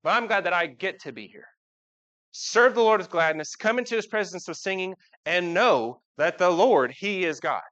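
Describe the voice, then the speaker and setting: Chatty preacher, slightly high voice. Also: male voice, lively intonation, moderate pace, a bit bright. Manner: chatty, asks the congregation questions. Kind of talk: casual live sermon. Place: church sanctuary. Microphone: live church recording. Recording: dull lo-fi live church recording.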